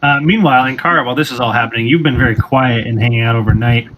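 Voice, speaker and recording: A man's voice: mid-range voice, noisy background. Man narrating as game master. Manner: descriptive, measured narration.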